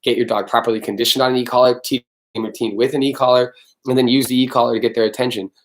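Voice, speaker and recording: A man's voice: medium pitch, flat delivery, racing. A man hosting a casual live-stream Q&A as a dog trainer, talking bluntly, swearing freely and answering viewers by name.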